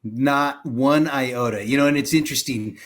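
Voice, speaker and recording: A middle-aged man, a company president, speaking as a guest in a casual interview, measured and gracious. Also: medium pitch, a bit bright. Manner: measured, gracious, laughs often.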